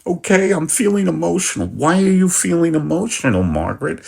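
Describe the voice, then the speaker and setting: A man voicing Margaret, a fussy, emotional woman, in a high, melodramatic sketch voice. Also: big pitch swings, fairly quick, gravelly, a little mellow, husky, exaggerated voice. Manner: high, fluttery and melodramatic, with rising swoops.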